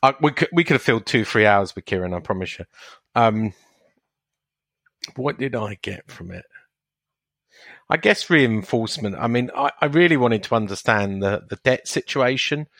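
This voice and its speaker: A man's voice: medium pitch, animated, normal speed, pauses often, fairly bright tone, no echo. A man from England co-hosting a casual podcast, easygoing and playfully insistent. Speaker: podcast co-host. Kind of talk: casual chat.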